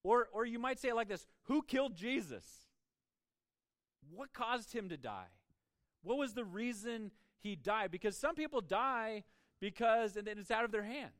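A man's voice: high voice, expressive, normal speed, a bit bright, no echo, clean studio sound. A man preaching a sermon as a pastor, emphatic and prone to stumbling over repeated words as he starts each point.

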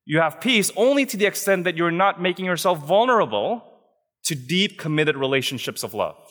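A young man delivers a sermon in an earnest, chatty manner, often tossing in quick "right?" asides to his listeners. His voice sits a touch high for a man, and his words ring out with long reverb through a church hall. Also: big pitch swings, fairly bright tone. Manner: earnest, conversational preaching with frequent "right?" asides. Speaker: preacher.

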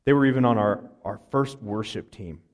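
A man's voice: fairly low pitch, normal speed. Earnest male pastor telling a story. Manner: conversational, earnest, with many restarts and fillers. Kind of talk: sermon with storytelling.

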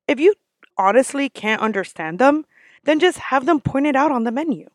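A woman's voice: high voice, very animated, fairly quick, no echo, studio quality. A woman who works as a restaurant server, ranting in a casual vlog, blunt and sassy with lots of swearing.

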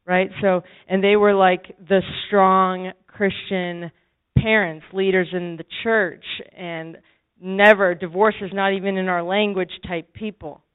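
A woman's voice: mid-range voice, clean tone. Woman, sermon, pleading, impassioned, narrow phone-like audio. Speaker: preacher.

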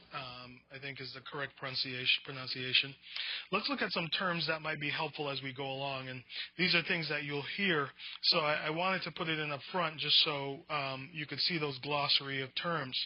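A man's voice: on the high side, normal speed. Man lecturing a Bible class, muffled. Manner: conversational, restarts words, reads definitions off slides.

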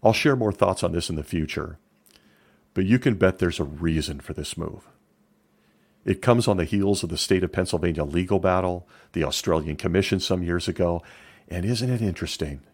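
A man's voice: low-pitched, normal speed, darkish tone. A middle-aged man giving opinion commentary in a sarcastic, emphatic way.

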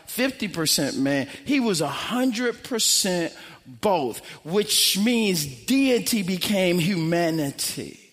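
High, lively-voiced man preaching. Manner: emphatic, swinging from loud to hushed. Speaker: pastor. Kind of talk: sermon. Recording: long hall reverb.

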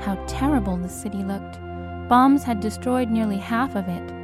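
A woman narrating an audiobook in a measured, expressive way. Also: mid-range voice, over music. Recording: narration over film score.

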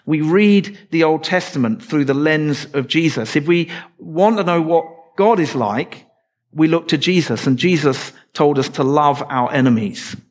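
A man's voice: on the high side, expressive, unhurried. A man preaching a sermon in a church, explaining scripture in a conversational way with light asides to the congregation.

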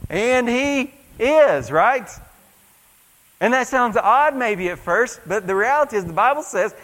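A man's voice: sits high, lively intonation, normal speed, fairly bright tone, in a large hall, rough recording. A male pastor preaching a sermon in a church, emphatic, repeating phrases and calling out for an "amen".

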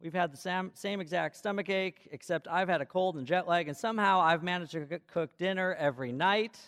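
A man's voice: high voice, brisk, fairly bright tone. A middle-aged man preaching a sermon as pastor, reading scripture and telling stories with rhythm. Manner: storytelling, reads aloud with rhythm. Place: church. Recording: long reverb of a large hall.

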